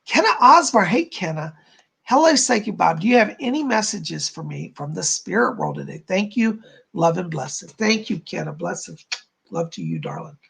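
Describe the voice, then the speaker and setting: Gravelly, husky psychic man. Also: high voice, very animated, normal speed, a bit bright. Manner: chatty, relays spirit messages and reads viewer comments aloud. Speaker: psychic medium, stream host. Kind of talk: live-stream psychic readings.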